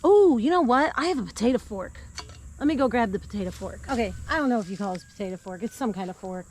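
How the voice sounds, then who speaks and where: A woman vlogging casually while digging in her garden outdoors, chatty and quick to laugh. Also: medium pitch. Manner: chatty and easily delighted, laughs often. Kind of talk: casual chat while working. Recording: outdoor recording with clear background noise.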